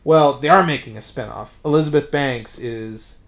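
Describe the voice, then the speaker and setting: A man co-hosting a podcast, recapping a film in a casual, animated way and swearing freely as he tells it. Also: mid-range voice, normal speed, a crowd in the background. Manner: animated storytelling with frequent swearing. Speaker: podcast co-host. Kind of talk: casual movie recap chat.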